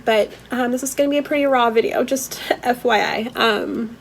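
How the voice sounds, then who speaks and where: A woman's voice: fairly high pitch, measured pace, a little hiss or hum, rough recording. A young woman vlogger telling a painful personal story candidly, fighting back tears and a little stuffy from a cold. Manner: candid, emotional, rambling with fillers. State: teary, holding back tears.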